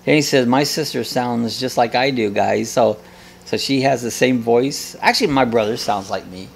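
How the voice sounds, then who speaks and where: Blunt, jokey man with a gravelly voice. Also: mid-range voice, moderate pace, a little hiss or hum. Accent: American. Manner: blunt, jokey, laughs often. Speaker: host of a live coffee chat. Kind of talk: casual chat reading viewer comments.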